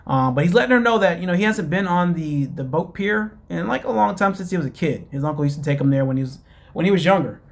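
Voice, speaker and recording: A man's voice: high voice, expressive, fast, gravelly. A man hosting his own show, casually recapping a reality TV episode and rambling with many fillers while calling his listeners "guys.". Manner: chatty, addresses listeners as "guys". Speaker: show host.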